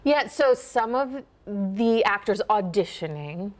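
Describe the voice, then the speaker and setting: A woman's voice: medium pitch, expressive, slow. A young woman from Minnesota, an accent coach, answering interview questions in a chatty way with lots of fillers and easy laughs.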